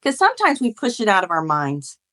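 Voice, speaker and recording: A woman's voice: mid-range voice, brisk. A woman in her forties, a guest author and mother, telling her story with feeling and acting out quoted arguments. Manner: heartfelt, animated storytelling, acts out quoted arguments. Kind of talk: emotional conversational interview.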